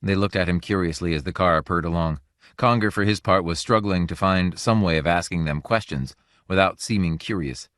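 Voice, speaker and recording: A male audiobook narrator reading a story in a measured, even way. His voice is low and deep, recorded close in a dry booth. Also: no echo. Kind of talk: scripted narration.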